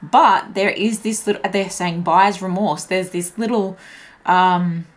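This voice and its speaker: A woman's voice: fairly low pitch, steady tone, measured pace. A woman doing an intuitive tarot reading, slightly breathless with a shaky voice, musing and searching for words as she turns the cards. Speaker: tarot reader.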